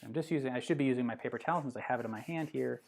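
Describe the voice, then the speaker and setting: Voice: medium pitch, racing, creaky. Chatty art instructor thinking aloud. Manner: relaxed and chatty, with many fillers and self-corrections. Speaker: art instructor hosting a live drawing series. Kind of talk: live drawing demonstration, thinking aloud.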